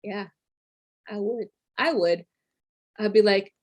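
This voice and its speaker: A woman's voice: medium pitch, slow, darkish tone. A woman talking casually to viewers as a tarot reader, chatty, with lots of fillers and frequent laughter.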